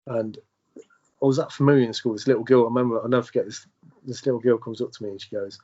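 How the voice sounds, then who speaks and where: A man recounts his experience in conversation, stopping and starting, repeating words as he goes. His voice is somewhat husky and sits at an ordinary middle pitch. The recording is a bit dull and lo-fi. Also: steady tone, a little mellow. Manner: halting, with many restarts and repeated words. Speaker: podcast guest. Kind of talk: conversational storytelling.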